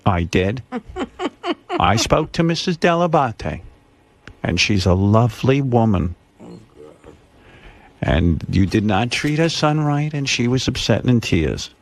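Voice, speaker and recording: A man's voice: medium pitch, sing-song, slow pace, pauses often. A man impersonating his elderly mother, prim and reproachful as she scolds him. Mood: scolding. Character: scolding elderly mother defending a loyal friend.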